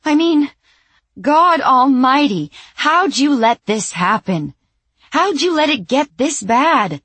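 A frantic, scolding middle-aged woman with a shrill, breathless voice, done by a woman reader. She pitches way up and pushes hard. The reading is dry and close, with a husky edge. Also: big pitch swings, slow pace, fairly bright tone, no echo, exaggerated voice.

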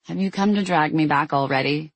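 A wry teenage girl who teases in a deadpan voice, as read by an audiobook narrator. The tone is a little husky, recorded dry and close. She sounds quick and unimpressed. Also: medium pitch, no echo, close to an everyday voice. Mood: teasing.

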